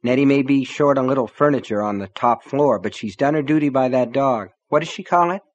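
A man's voice: medium pitch, fairly quick, dull audio, close to an everyday voice. A man reading the lines of an easygoing small-town lawman with a dry, teasing manner.

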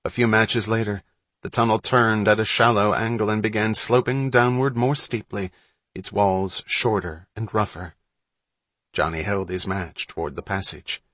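A man narrating a story in a measured, suspenseful reading. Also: lowish voice, fairly even intonation, a bit bright, no echo. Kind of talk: audiobook narration.

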